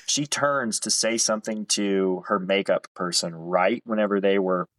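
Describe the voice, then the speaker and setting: A man in his thirties, a photographer guest, telling animated stories in casual conversation with the odd swear word. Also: low voice, normal speed, low-quality recording. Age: 30s. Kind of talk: casual storytelling interview.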